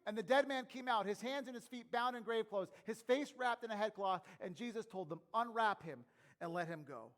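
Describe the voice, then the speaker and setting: A middle-aged pastor preaching a sermon, moving between quiet, close asides and loud, emphatic calls. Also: male voice, very high voice, fairly quick, hardly any pauses.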